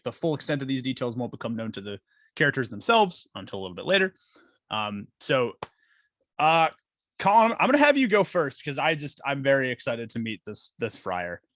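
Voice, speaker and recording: A man's voice: medium pitch, big pitch swings, fairly quick, fairly bright tone, no echo. A man explaining a tabletop game as game master, in a loose, chatty way with many fillers.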